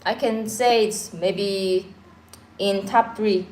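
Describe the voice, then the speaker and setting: A woman's voice: medium pitch, fairly even intonation, slow, a little mellow. Woman, reflective, roomy echo. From Korea. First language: Korean. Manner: reflective, earnest, mixes in pidgin phrases. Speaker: livestream co-host. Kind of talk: casual live chat. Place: home during a power cut.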